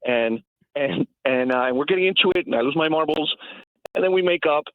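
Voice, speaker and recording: A man's voice: on the high side, fairly quick, no room sound. A man calling in to a sports radio show, telling a reflective story in a conversational way. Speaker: caller. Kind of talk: radio call-in. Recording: phone line.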